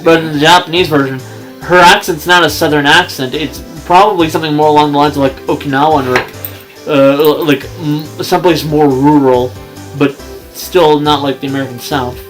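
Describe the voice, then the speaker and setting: A man's voice: fairly high pitch, steady tone, normal speed, a bit bright, faint music behind, rough recording. A man chatting casually between dubbing lines, rambling with many fillers and restarts. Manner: rambling, hesitant. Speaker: fan dub voice actor. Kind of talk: casual chat.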